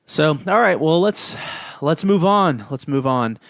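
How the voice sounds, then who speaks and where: A man's voice: on the high side, animated, measured pace, creaky, dry recording, clean studio sound. A man co-hosting a casual podcast chat, steering the topics in a laid-back, matter-of-fact way. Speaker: podcast co-host.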